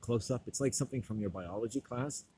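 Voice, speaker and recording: A stoned man delivering a rambling, profane monologue, loud and laughing often. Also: mid-range voice, quick pace, slight background noise, rough recording. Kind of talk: profane ranting monologue to camera.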